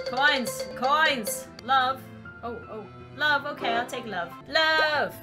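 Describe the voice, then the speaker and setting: A woman's voice: fairly high pitch, sharp tone. A young woman doing let's play commentary, chatting animatedly and cooing in baby talk at a virtual kitten. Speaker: gaming YouTuber.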